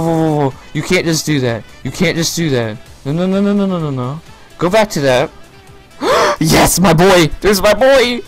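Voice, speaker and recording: Excitable young man reacting live. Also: a little high. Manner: excitable, shouts and swears, gasps and laughs. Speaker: reaction video creator.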